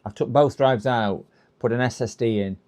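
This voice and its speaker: A man's voice: medium pitch, normal speed, a little mellow. A man on a live repair stream, thinking aloud and reading instructions half to himself with hesitant fillers. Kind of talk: casual live-stream chat. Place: repair workbench.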